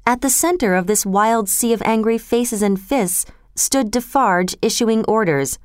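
A woman narrating a story in a steady, measured, scripted reading. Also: a little high, smooth, no room sound, studio quality.

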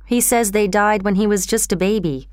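A woman's voice: medium pitch, normal speed, a little mellow, clear, resonant tone, dry recording, studio quality, natural voice. A woman voicing a deferential male court officer who speaks politely and respectfully in a storybook reading.

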